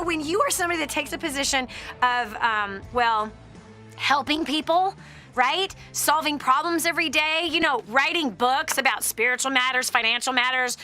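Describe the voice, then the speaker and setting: A middle-aged woman hosting a Christian call-in radio show, talking in an animated, preachy way and laughing often. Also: high-pitched.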